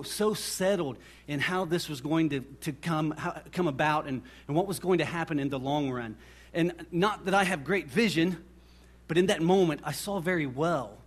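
A middle-aged pastor delivers a sermon in a voice pitched a little high. He tells stories in an animated way and acts out the voices of the people in them.

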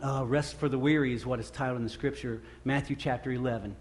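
A middle-aged man preaching a sermon, earnest and halting, with many repeated restarts, who grows louder when he acts out the scripture. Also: medium pitch, steady tone. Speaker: pastor.

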